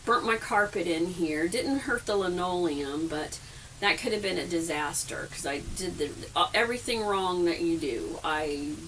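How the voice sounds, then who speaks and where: In a casual vlog recorded inside a camper trailer, a middle-aged woman tells rambling, self-deprecating camping stories and laughs often. Her voice sits on the low side, fairly bright and animated, at a moderate pace. A distant mic picks up faint background noise.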